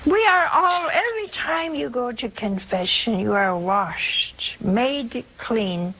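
An older woman giving a homily, telling stories with folksy, animated asides and a gravelly voice. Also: fairly high pitch, takes it slowly, a little hiss or hum, poor audio. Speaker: preacher.

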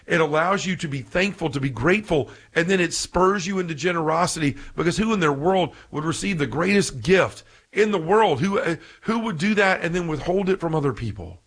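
A man preaching earnestly on a podcast, getting excited and repeating himself. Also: a little high, fairly quick, hardly any pauses. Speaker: podcast speaker on faith. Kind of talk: preaching commentary.

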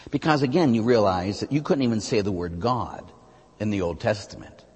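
American priest giving a sermon, husky voice, big ups and downs, long echo like a church hall. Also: male voice, moderate pace. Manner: animated, rises high on emphatic phrases then drops low and quiet.

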